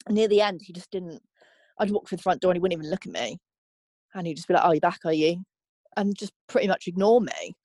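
Candid young woman, halting testimony. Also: on the low side, mellow, no room sound. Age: young adult. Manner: candid, halting, many "like" fillers. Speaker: interviewee. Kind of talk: personal testimony.

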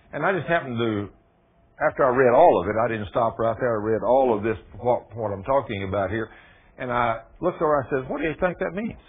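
A man preaching a sermon in a folksy, emphatic way, his voice rising high on key passages. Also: breathy edge. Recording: tinny phone-like radio broadcast.

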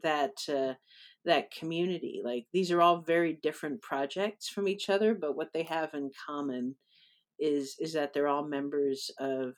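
A woman's voice: low voice, moderate pace. A woman poet talking casually as an interview guest, rambling with frequent ums, uhs and restarts.

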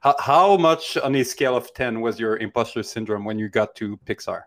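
Halting male host asking questions. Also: mid-range voice, fairly bright tone. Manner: halting, stammering into questions with uhs. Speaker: podcast co-host. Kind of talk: casual interview questions.

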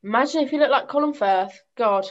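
A woman's voice: on the high side, fairly quick, muffled recording. A young British woman co-hosting a casual podcast chat, gushing and giggly, swearing freely. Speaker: podcast co-host.

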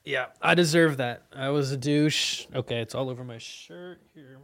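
A man's voice: medium pitch, measured pace, a bit bright. A young man hosting a casual solo podcast, rambling and swearing with lots of fillers, cold and soaked. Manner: rambling and profane, frequent fillers; frustrated venting. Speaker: podcast host.

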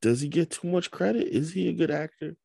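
A man's voice: a little high, brisk, vocal fry, warm tone, slightly rough, dry recording. A man co-hosting a podcast, chatting casually with a skeptical, teasing edge. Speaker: podcast co-host. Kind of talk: casual chat.

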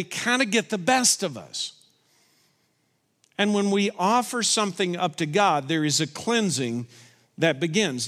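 A man preaching a sermon as pastor, slowing down to voice emphatic prayers to God. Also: high-pitched, a bit bright. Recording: reverberant church hall.

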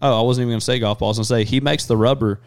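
A man hosting a podcast, chatting casually and crudely, rambling fast between jokes. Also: medium pitch, fairly even intonation, clear, resonant tone, dry recording, studio quality. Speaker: podcast host. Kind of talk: casual chat.

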